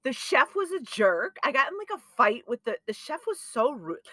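Co-host, woman, 40s, lively storyteller who swears freely; high, bright voice with close, dry sound. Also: normal speed, dry recording. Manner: animated, profane storytelling with acted-out quotes. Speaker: podcast co-host. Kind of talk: casual chat.

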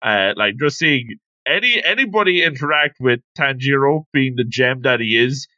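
A man co-hosting a casual podcast discussion, relaxed and chatty with quick quips. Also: medium pitch, no room sound, lo-fi sound. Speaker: podcast co-host.

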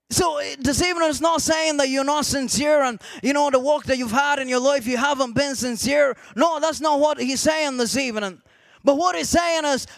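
A man preaching a sermon to a congregation, repeating "amen" often and rising to shouted emphasis. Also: extremely high pitch, moderate pace, gravelly, no echo.

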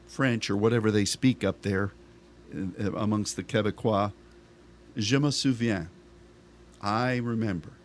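A man's voice: fairly low pitch, a little hiss or hum. A middle-aged male pastor preaching a sermon in a conversational style, asking rhetorical questions of the congregation.

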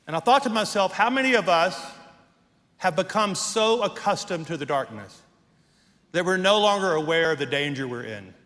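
A man's voice: high voice, animated, brisk, pushed and bright, long reverb tail. A man preaching a sermon as pastor, telling a story and then leading prayer, from Texas. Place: church sanctuary.

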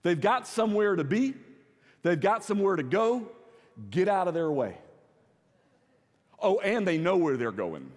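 Southern pastor preaching in a reverberant hall. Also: male voice, sing-song, a little slow, pauses often. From South Carolina. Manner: preaching with swings from soft low to loud emphatic. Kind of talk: sermon. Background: audience laughter.

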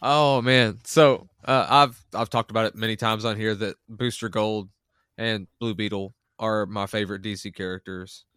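Guy rambling excitedly on a podcast, smooth clear voice, dry close sound. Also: fairly low pitch, moderate pace, no room sound. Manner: enthusiastic, rambling with restarts. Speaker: podcast co-host. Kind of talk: casual podcast chat.

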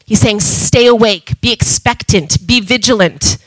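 A woman preaching a sermon with passion, going from loud emphatic calls to soft asides. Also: fairly high pitch, measured pace, no room sound, poor audio.

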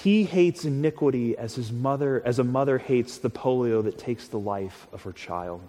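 A man's voice: medium pitch, normal speed, mellow. Earnest male preacher in a reverberant hall. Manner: earnest, conversational, with frequent restarts and repeated words. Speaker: pastor. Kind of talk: sermon.

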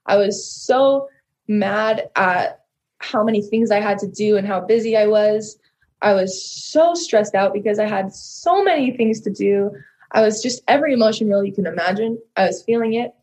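A woman's voice: mid-range voice, moderate pace, a little mellow. A young adult woman, a podcast guest, telling a personal story in an earnest, rambling way with lots of "like" and "so". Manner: earnest, rambling, heavy use of "like" and "so".

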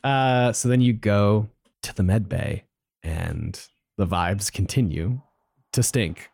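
A man's voice: fairly low pitch, slow, gravelly, darkish tone, no echo. A man co-hosting a podcast, recapping a video game in casual chat, rambling and playful, with goofy voices for the characters he quotes. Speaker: podcast co-host.

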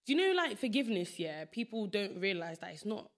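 Chatty london girl hosting a podcast, talks quick, rambly and laughy. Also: mid-range voice, very animated. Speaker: podcast host. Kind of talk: casual chat.

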